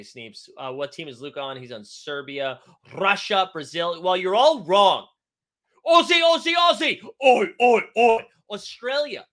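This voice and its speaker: A young man chats loosely on a live stream, wandering off into jokey, self-mocking tangents. His voice sits a touch high and swings widely in pitch. The tone is bright and forward. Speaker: podcast host. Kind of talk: casual live-stream chat.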